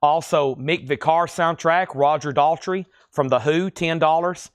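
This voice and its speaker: A man with a lilting Tennessee accent hosting a live-stream record sale, reading titles, conditions and prices in a steady, easy patter. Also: a little high, unhurried, smooth, no room sound. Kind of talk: live-stream auction selling.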